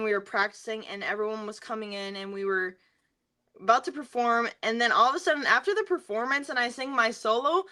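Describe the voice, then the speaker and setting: Bright-voiced chatty young woman. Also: on the high side. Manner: chatty, filler-heavy, laughs often while telling stories. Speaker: guest singer. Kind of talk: casual interview storytelling.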